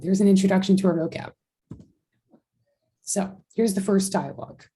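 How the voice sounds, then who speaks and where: A woman's voice: mid-range voice, dark tone, poor audio. A woman teaching a sign language class over a video call, patiently explaining each step. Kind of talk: online class instruction.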